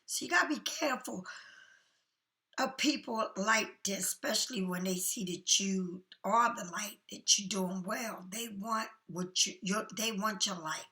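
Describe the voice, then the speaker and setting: A woman giving a casual tarot reading, talking softly and often half-whispering in a chatty, reassuring way, a little tired. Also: mid-range voice, unhurried. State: yawning, tired. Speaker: tarot card reader.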